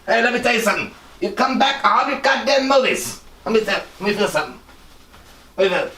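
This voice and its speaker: A man playing a brash male fight referee, yelling crude trash talk in a comedy skit. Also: high-pitched, lively intonation, brisk. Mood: rowdy. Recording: echoey and distant, loud music and crowd.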